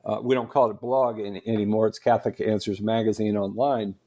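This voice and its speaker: A man as a guest on a podcast interview, an animated storyteller who laughs often. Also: fairly low pitch, brisk, muffled recording. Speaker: guest, Catholic apologist.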